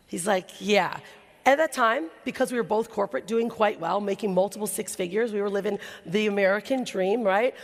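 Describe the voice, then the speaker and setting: Brief: woman keynote speaker, lively stage storyteller, slight vocal fry, big reverberant hall. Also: medium pitch, a little fast. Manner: animated, acts out quoted voices. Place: large hall before an audience.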